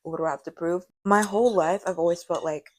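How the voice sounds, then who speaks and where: Hoarse teen girl baking on camera, kinda deep voice, rambles and roasts herself. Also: fast, a little mellow. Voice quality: deep-sounding voice. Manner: rambling, chatty, self-mocking. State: hoarse from karaoke. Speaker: vlogger. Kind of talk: casual baking vlog chat.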